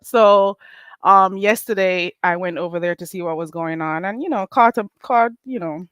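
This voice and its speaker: A woman's voice: fairly low pitch, normal speed, clear, resonant tone, no echo. A woman from Jamaica with a Jamaican accent, chatting casually and animatedly as host of a live stream, greeting viewers and laughing. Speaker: livestream host.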